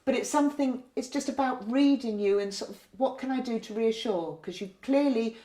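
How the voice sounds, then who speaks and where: A nurse explaining care to health staff in a gentle, patient way, often ending points with tag questions. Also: female voice, fairly high pitch, a little fast. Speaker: community learning disability nurse. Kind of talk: training talk with role-play. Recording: roomy echo.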